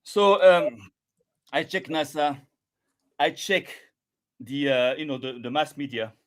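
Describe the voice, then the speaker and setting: A man arguing as a guest in a heated live debate, halting and stammering, repeating words and talking over the others. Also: a little high.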